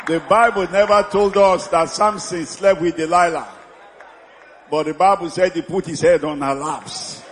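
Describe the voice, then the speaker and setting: A man in his fifties preaching a sermon, exuberant, often shouting and laughing, stretching out his praise calls. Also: high voice, fairly even intonation, moderate pace, a faint crowd. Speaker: pastor. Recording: echoey hall with congregation noise.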